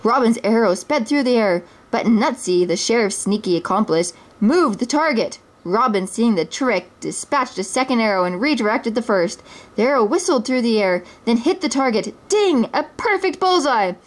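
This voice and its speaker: A woman's voice: on the high side, lively intonation, normal speed. A woman, a mother, reading a children's storybook aloud expressively, now and then stumbling and restarting a word.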